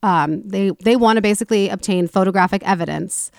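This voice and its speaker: A woman's voice: mid-range voice, fairly quick, creaky, no room sound. Chatty woman retelling a story, dry sound. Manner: animated retelling, acts out quoted people with swearing. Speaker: podcast host. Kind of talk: casual storytelling chat.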